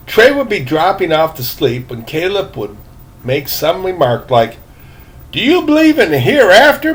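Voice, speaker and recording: An older man reading a novel aloud, unhurried, now and then breaking off with asides of his own. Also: on the high side. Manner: unhurried, breaks off to chat about his drink. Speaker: reader.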